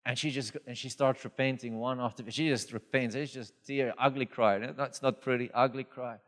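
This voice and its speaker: A man preaching a sermon, telling stories lively and acting out the voices in them. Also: mid-range voice, moderate pace. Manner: animated storytelling, acts out dialogue. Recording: long reverb of a hall.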